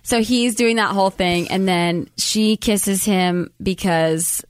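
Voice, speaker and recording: A woman recapping a movie in casual chat, rambling with lots of fillers and quick acted-out quotes. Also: mid-range voice, smooth, no echo. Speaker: podcast co-host recapping a movie.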